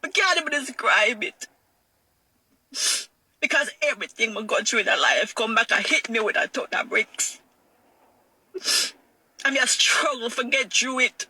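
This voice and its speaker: A woman's voice: fairly high pitch, animated, pushed and bright, slightly rough, no room sound. Emotional Jamaican woman telling her story. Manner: raw and emotional, repeats phrases, slows when hurt. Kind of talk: emotional personal testimony.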